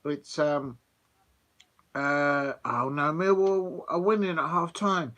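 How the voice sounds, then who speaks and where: A man's voice: a little high, slow pace, a bit bright. A man hosting a live football watch-along, chatty and rambling with plenty of fillers. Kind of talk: casual live commentary.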